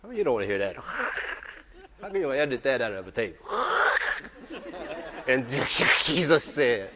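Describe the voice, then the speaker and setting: A male preacher delivering a sermon. He swings between emphatic, shouted declarations and relaxed, chatty storytelling. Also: medium pitch, fast talker, a crowd in the background. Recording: reverberant hall, dull lo-fi sound.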